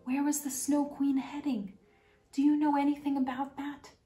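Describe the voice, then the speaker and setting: A woman's voice: high-pitched, little pitch movement, moderate pace, warm tone, pitched above the performer's own voice, close to an everyday voice. A woman voicing a frightened little girl who is searching for her friend. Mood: anxious. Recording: roomy, distant, faint music.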